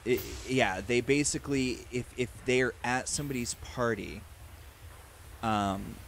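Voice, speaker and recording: A man running a tabletop game as game master, hoarse and hesitant, often pausing with um. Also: medium pitch. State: hoarse, losing voice. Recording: noisy line with clicks.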